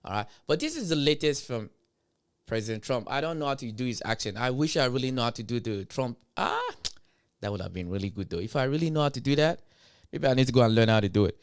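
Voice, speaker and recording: Guy doing a blunt sweary stream rant, loud emphatic delivery. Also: mid-range voice, lively intonation, quick pace, clean tone. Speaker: commentary streamer.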